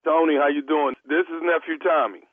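A man's voice: fairly high pitch, steady tone, fairly quick, no echo. Laid-back male prank caller on a phone line. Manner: laid-back, laughs easily, stammers when pretending. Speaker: prank caller, radio host.

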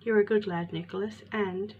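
Storybook role: a woman playing a crabby old woodcarver, gruff and growling, slightly muffled recording with a faint hiss. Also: mid-range voice, steady tone, normal speed, mellow, lightly acted. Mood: gentle gruff. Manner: gruff, growls when angry. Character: harsh lonely old male woodcarver.

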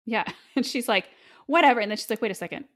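A woman's voice: medium pitch, fast talker. A woman chatting casually about a book, animatedly quoting the characters. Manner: animated, quotes characters dramatically. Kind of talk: casual chat retelling a book.

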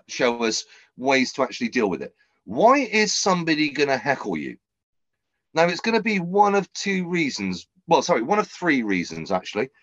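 A man hosting a casual comedy podcast, animated and swearing freely as he tells stories and gives advice. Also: on the high side, no echo, muffled recording. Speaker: podcast host.

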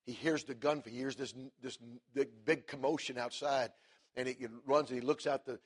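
A middle-aged man preaching a sermon, telling a story and swinging from hushed, quiet stretches to loud, emphatic preaching. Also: mid-range voice, fairly even intonation, moderate pace, husky.

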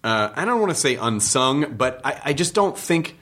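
A man's voice: a little high, very animated, moderate pace, fairly bright tone. A man hosting a podcast interview, talking enthusiastically in long, rambling turns full of fillers. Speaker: podcast host. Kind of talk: casual interview chat.

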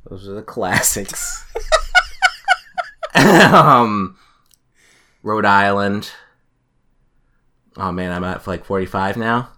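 A man's voice: fairly low pitch, extremely slow, pauses often, bright, forceful tone. A man chatting playfully with friends, laughing and joking as he tries to name all the US states. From United States. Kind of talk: casual chat among friends.

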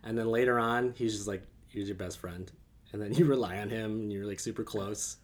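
A man's voice: on the low side, steady tone, quick pace. A man hosting a podcast, chatting casually and rambling, laughing often. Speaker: podcast host. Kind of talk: casual chat.

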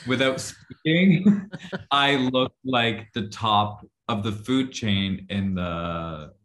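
A man's voice: on the low side, extremely slow, bright, forceful tone. A young man chatting casually as a guest, blunt and swearing, laughing mid-sentence. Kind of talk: casual chat.

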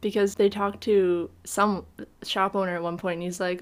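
A woman co-hosting a podcast, reviewing a film in casual chat and acting out lines from scenes in an animated way. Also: mid-range voice, normal speed. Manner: animated, acts out quotes from scenes. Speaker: podcast co-host.

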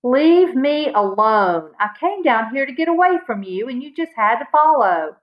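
Woman voicing resentful young boy, shouting, higher voice, dull recording. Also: big pitch swings, moderate pace. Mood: furious. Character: angry humiliated young boy, older brother.

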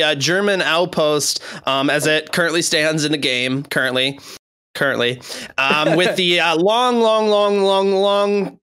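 A man co-hosting a casual podcast, warm and effusive and prone to stammering. His voice is bright and forceful and a little higher than most men's. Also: smooth. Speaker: podcast co-host.

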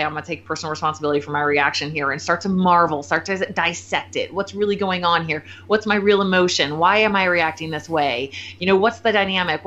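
Bright, animated woman podcast host. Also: on the low side, a little hiss or hum. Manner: animated, laughs often, acts out quotes. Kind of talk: casual chat. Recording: muffled lo-fi sound.

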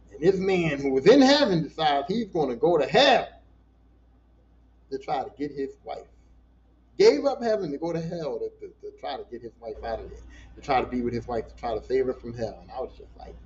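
A man hosting a casual solo podcast, telling stories in an animated, profane, emotional way. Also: mid-range voice, lo-fi sound, a little hiss or hum. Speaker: podcast host.

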